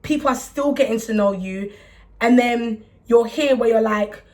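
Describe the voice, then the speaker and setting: A woman's voice: on the high side, normal speed, a little mellow. A young woman who talks candidly to camera about her music career, rambling with many restarts and fillers. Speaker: music artist talking to camera. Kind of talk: candid casual talk to camera. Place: indoors, warm room.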